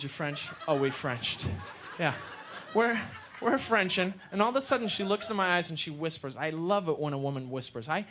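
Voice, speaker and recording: A male stand-up comedian performing a live set, telling stories with an animated delivery and deadpan asides, on a club stage with a handheld mic. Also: high-pitched. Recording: live club with audience laughter and room noise.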